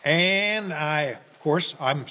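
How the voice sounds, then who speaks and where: This interview guest, an older American man, spins folksy, meandering personal stories, often restarting and filling gaps with filler words. His voice is a little high, bright and forceful, with drawn-out words, heard in a room with long, echoing reverb.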